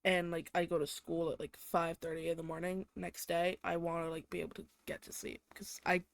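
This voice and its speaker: A young Englishwoman hosts her own podcast, ranting casually and sounding exasperated, swearing a lot and leaning heavily on filler "like"s. Her voice is lowish with little pitch movement, a little fast, and there's no echo.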